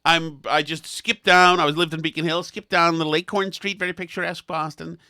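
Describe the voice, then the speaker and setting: A man's voice: on the high side, level tone, fairly quick, pushed and bright, dry recording, clean studio sound. A man co-hosting a comedy podcast, telling long self-mocking anecdotes in a rambling way. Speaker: podcast co-host. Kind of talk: comedic storytelling chat.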